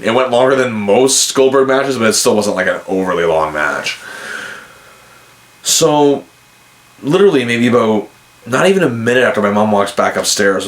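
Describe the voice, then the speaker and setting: Male podcast host, low voice, relaxed storytelling that gets animated when he quotes people. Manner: animated, acts out both sides of phone calls. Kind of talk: casual storytelling.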